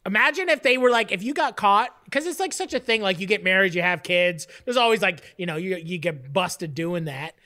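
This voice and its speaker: A young man from Southern California co-hosts a comedy podcast, riffing in a rambling, animated way. His voice is bright and keen, and his pitch leaps up and down constantly as he talks. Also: fairly quick, few pauses. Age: 20s. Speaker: podcast co-host. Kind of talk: casual comedic podcast banter.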